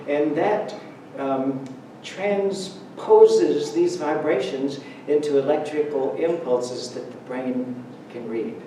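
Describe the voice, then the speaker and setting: Man giving a roomy, mellow church talk. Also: fairly high pitch, slight background noise. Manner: conversational, humorous storytelling with laughs. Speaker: speaker giving a Sunday talk. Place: church sanctuary. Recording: roomy church hall, speaker far from mic.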